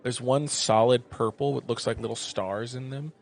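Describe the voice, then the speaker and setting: A man narrating a tabletop game as game master, describing scenes in a relaxed way with plenty of filler words. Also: mid-range voice, normal speed, a little hiss or hum.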